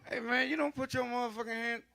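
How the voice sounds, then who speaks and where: Brash bright-voiced male stand-up comic. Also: very high-pitched, steady tone, fast talker, slight background noise. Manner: profane, loose, conversational delivery with asides to the audience; acts out arguing old men in gruff voices. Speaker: stand-up comedian. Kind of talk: stand-up comedy set.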